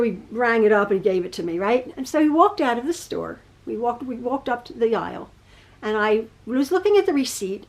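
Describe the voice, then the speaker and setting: Casting: middle-aged woman host, chatty and rambling, fairly high voice, homey storytelling. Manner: chatty, rambling, self-correcting. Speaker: quilting channel host. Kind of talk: casual storytelling. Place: home sewing room.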